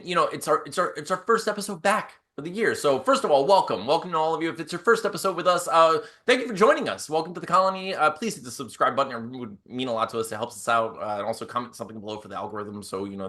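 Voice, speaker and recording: A man co-hosting a podcast, telling stories in a rambling, animated way with lots of fillers. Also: mid-range voice. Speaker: podcast co-host. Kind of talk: casual chat.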